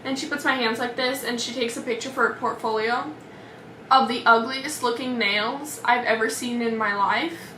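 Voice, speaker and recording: Chatty young woman, bright echoey vlog voice. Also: a little high, steady tone, moderate pace, slight background noise. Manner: chatty, dramatic, many "like" fillers, mimics voices. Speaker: vlogger. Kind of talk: storytime vlog. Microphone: camera mic. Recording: echoey room, slightly far from mic.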